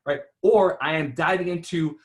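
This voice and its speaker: A man giving an instructional talk on speaking in online interviews, animated and rhetorical, often checking in with "right?". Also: on the high side, moderate pace. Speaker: presenter.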